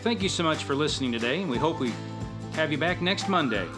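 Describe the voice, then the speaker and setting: With music playing behind him, a youth football coach and storytelling show host narrates a funny story briskly and energetically, acting out the dialogue. His pitch is fairly high and his pace quick.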